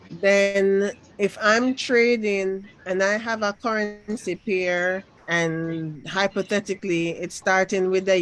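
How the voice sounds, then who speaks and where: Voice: mid-range voice, slight background noise, poor audio. A trading teacher leading a live lesson, drilling questions and repeating them until the student answers firmly.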